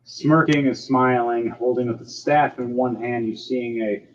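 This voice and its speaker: A man running a tabletop game online as game master, describing scenes in a relaxed way with filler words. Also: mid-range voice, unhurried. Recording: dull lo-fi sound with loud music behind.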